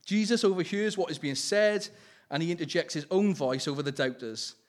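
A man preaching an informal sermon in a somewhat high voice, earnest and pleading. He laughs often and corrects himself mid-sentence. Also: a little fast. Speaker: lay preacher. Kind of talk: informal sermon with personal testimony.

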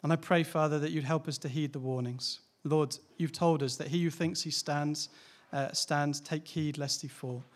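A man's voice: fairly high pitch, fairly even intonation, normal speed, hardly any pauses. A man, a pastor, preaching a sermon in a candid, conversational way, asking rhetorical questions and laughing lightly now and then.

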